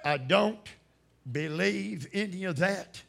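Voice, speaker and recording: A man preaching a fiery sermon in church, shouting one moment and dropping to a hushed voice the next. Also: lively intonation, takes it slowly, creaky. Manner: swings from shouting to low, hushed delivery.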